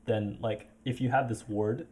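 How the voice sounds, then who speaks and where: A man's voice: lowish voice, steady tone, normal speed, dark tone. A man coaching a player over a voice call, talking casually with many fillers and restarts.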